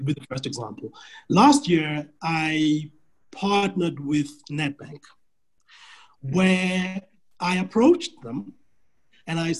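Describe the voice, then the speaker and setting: A man working as a business coach, answering a client's question in an animated, storytelling way with frequent restarts. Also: on the high side, husky, rough recording.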